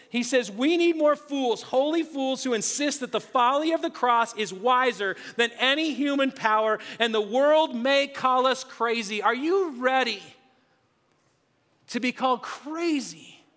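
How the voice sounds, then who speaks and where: High-voiced pastor preaching in a reverberant hall. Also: male voice. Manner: energetic, conversational preaching, drops to a hushed voice near the end. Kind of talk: sermon. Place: church sanctuary. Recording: long reverb of a large hall.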